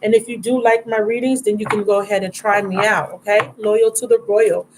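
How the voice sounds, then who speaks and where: A woman's voice: medium pitch, fairly even intonation, brisk, background noise. Affectionate woman tarot reader, live stream. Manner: affectionate, calls viewers baby and love.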